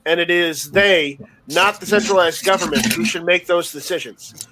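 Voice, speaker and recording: A male host with a high voice reads a statement on a video call. He halts and restarts often, tripping over words as he goes. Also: a crowd in the background, poor audio. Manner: stumbling, halting reader. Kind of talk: casual chat and reading a statement aloud.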